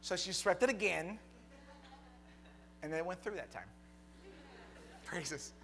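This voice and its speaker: A young man preaching a sermon, telling a personal story that builds to a fervent, shouted close. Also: high voice, expressive, measured pace, faint music behind. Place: church hall with congregation.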